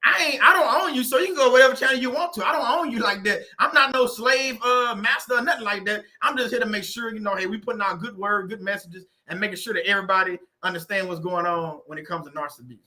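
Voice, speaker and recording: A man's voice: sits high, fast talker, few pauses, bright, forceful tone. A man hosting a casual livestream, laughing often and reading viewers' comments aloud. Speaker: livestream host.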